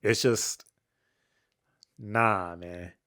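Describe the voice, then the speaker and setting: Gravelly young man casually reviewing an album. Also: drawn-out words. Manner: candid, slangy, rambling with frequent fillers and restarts; swings between flat mutters and excited highs. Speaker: music reviewer.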